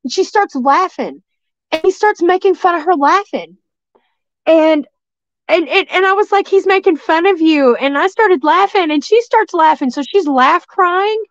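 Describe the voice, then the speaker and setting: A woman's voice: very high voice, animated, measured pace, fairly bright tone, highs cut off. A woman from East Tennessee, telling a story as a guest in a rambling way, full of restarts and fillers. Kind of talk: casual storytelling.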